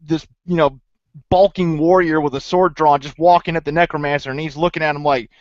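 Slightly high-voiced man, dry lo-fi sound. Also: fairly even intonation, no room sound. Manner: halting, with restarts, then chuckling and playful. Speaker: podcast co-host. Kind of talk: casual book discussion. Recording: dry, dull lo-fi recording.

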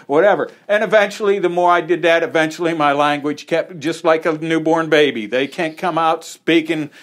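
A man's voice: fairly high pitch, fairly quick. A man preaching an informal, conversational sermon in a small church, with folksy asides. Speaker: pastor.

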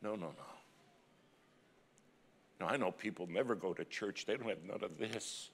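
A middle-aged man preaching a sermon as a dramatic story, swinging from loud cries to hushed, near-whispered lines. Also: deep voice, normal speed, slightly rough. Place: church sanctuary. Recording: long church hall reverb.

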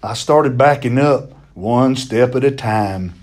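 A man's voice: mid-range voice, takes it slowly. A man reading a novel chapter aloud, telling it expressively and now and then stumbling and repeating a word.

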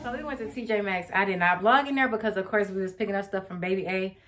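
A woman's voice: mid-range voice, fast talker, a bit bright. Chatty young woman vlogging to camera. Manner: chatty, rambling, addresses viewers as y'all. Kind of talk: casual chat to camera.

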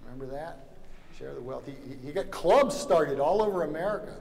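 A man's voice: on the high side, expressive, fairly quick, creaky, darkish tone. A man from Louisiana, giving an anecdotal lecture at a summer seminar in a wry, joking manner, full of "you know" asides. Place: lecture hall. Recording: echoey hall, faint background noise.

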